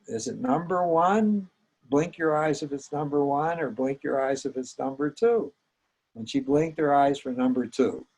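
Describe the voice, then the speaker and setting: An older man, a psychologist, gently recounting a memory from his training, with small hesitations. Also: medium pitch, gravelly, breathy edge, poor audio. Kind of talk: personal storytelling.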